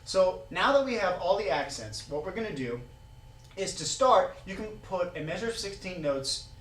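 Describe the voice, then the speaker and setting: A man's voice: high voice, normal speed, background noise. Man counting drum beats in echoey room. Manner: counts beats aloud, relaxed and plainspoken. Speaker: drum teacher. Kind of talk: casual instructional talk. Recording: roomy, distant mic with drumming.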